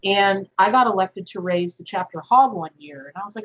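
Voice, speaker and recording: A woman from the Deep South who creates tarot decks, chatting casually and effusively, tearful and gushing. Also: lively intonation, a little fast, a bit bright, highs cut off. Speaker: tarot deck creator and host. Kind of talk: casual emotional chat.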